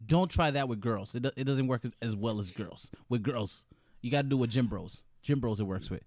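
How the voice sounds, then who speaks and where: A man in casual chat as a co-host, animated and often acting out gym banter. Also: mid-range voice, fairly quick, dry recording. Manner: animated, acts out gym banter in quoted lines.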